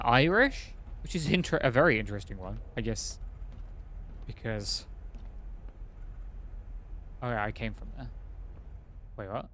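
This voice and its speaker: A man's voice: mid-range voice, slight background noise. A man streaming a video game, thinking aloud and rambling in casual commentary with many fillers.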